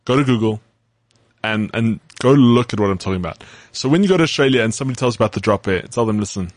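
A man's voice: mid-range voice, lively intonation, quick pace, no echo. A man co-hosting a podcast, talking in an easygoing, enthusiastic way. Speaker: podcast co-host. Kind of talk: casual podcast chat.

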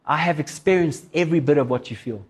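A man's voice: fairly high pitch, fast talker, husky. A man preaching, telling stories animatedly and acting out the people in them. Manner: animated, acts out voices in his stories. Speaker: pastor. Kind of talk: storytelling sermon.

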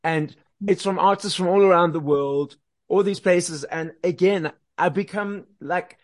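A man hosting an interview, eager and chatty, asking long questions and adding quick replies. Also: high-pitched, no room sound. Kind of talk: casual interview chat.

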